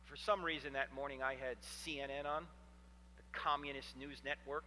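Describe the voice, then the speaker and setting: A man in his fifties giving an animated, humorous storytelling lecture to a live audience in a hall. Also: mid-range voice, normal speed, a little hiss or hum. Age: 50s. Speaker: Christian apologetics speaker.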